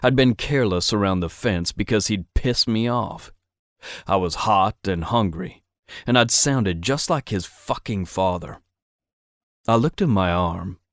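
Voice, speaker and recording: A man narrating a first-person romance audiobook in an intimate, steady manner. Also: fairly low pitch, measured pace, no room sound, studio quality.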